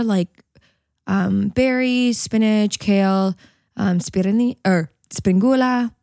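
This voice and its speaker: A woman's voice: mid-range voice, measured pace, darkish tone, no echo, studio quality. A young woman co-hosting a casual podcast, telling a rambling story, swearing freely and giggling. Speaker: podcast co-host. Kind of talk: casual chat.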